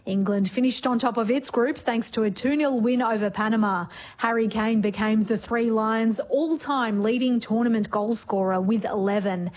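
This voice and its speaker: A woman reads a scripted sports report. Her voice is fairly high. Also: steady tone, moderate pace, hardly any pauses.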